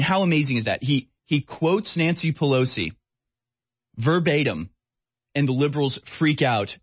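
Male radio host, sarcastic and scornful, husky voice, dry close mic. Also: medium pitch, no room sound. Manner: sarcastic, mocking, mimics voices. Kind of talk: political talk radio commentary.

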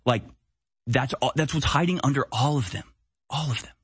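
Husky-voiced man ranting on a stream. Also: mid-range voice, normal speed, no echo. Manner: blunt, conversational, heated. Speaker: political commentary host. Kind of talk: live-stream political commentary.

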